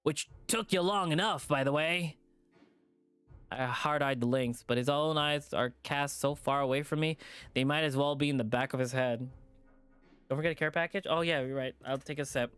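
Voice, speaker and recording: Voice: mid-range voice, moderate pace, fairly bright tone, clear, resonant tone, no room sound. Casual, cursing visual novel streamer. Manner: casual, profane asides. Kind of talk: reading a visual novel aloud.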